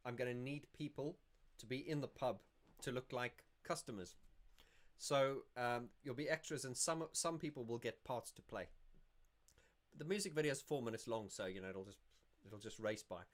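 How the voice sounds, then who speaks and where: A man's voice: mid-range voice, fairly bright tone. A man hosting a casual livestream Q&A, chatty and rambling, often laughing and restarting his sentences. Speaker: YouTube channel host.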